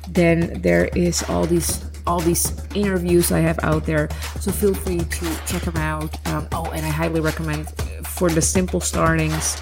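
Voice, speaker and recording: A woman hosting a podcast in a blunt, chatty way, laughing often. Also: deep voice. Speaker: podcast host. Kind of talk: casual podcast chat.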